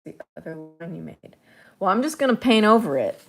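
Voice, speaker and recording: A woman's voice: mid-range voice, big pitch swings, brisk, gravelly. A woman artist talking casually to the viewer as she paints, chatty, playful and thinking aloud. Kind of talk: casual narration while painting.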